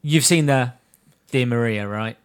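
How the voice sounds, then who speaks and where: A man's voice: mid-range voice, measured pace, smooth. A man hosting a casual podcast, laying out film facts and swearing casually. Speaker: podcast host.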